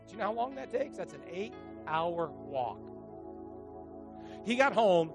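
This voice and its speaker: A middle-aged man preaches with a playful, animated delivery, joking and slipping into the voices of the people in his stories. His voice sits a bit high for a man. Faint music plays behind him. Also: unhurried, creaky, long pauses. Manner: animated, joking storyteller who acts out voices. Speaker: pastor. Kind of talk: sermon.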